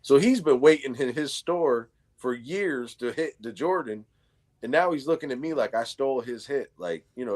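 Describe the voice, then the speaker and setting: A man's voice: mid-range voice, animated, normal speed, darkish tone. A man in casual chat, telling a story with slang and swearing. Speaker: livestream co-host.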